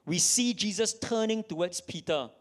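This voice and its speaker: Animated, high-voiced male preacher. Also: normal speed. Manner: dramatic, animated scripture reading with repetition for emphasis. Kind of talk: sermon. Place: church in front of an audience.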